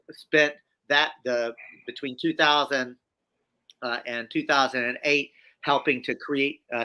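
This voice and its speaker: A man, a guest in a conversational interview, telling his story in an animated, emphatic way with frequent restarts and repeated phrases. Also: medium pitch, clean tone.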